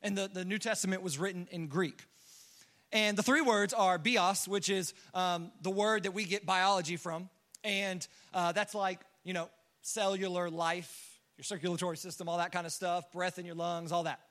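Bright-voiced young male preacher. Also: sits high, normal speed. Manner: animated storytelling, acts out quotes, casual fillers. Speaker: pastor. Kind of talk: sermon.

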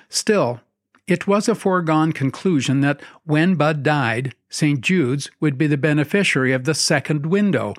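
Dry-voiced male storyteller, wry and measured. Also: on the high side, dry recording. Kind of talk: scripted narration.

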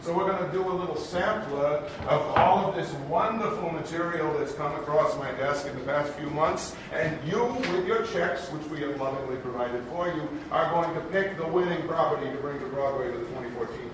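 A man's voice: a little fast, hardly any pauses, lightly acted. A man playing a bombastic old Broadway producer. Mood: grandiose. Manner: grandiose showman patter, booming announcements. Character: aging bombastic male Broadway producer, showy and forgetful. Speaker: show's emcee character. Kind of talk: live improvised stage comedy. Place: theater stage. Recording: echoey theater recorded from far off, noisy.

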